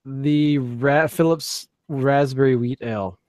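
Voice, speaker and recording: A man's voice: medium pitch, fairly even intonation, slow, darkish tone, no room sound. A man co-hosting a casual beer podcast, rambling with many fillers and restarts. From Canada. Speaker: podcast co-host. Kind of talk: casual chat.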